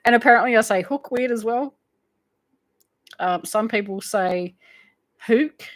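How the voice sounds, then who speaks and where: A woman's voice: on the high side, normal speed. A woman with an Australian accent tinged with English, chatting casually on a live stream and reading viewer comments aloud. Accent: Australian with an English influence. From England. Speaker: crochet channel host.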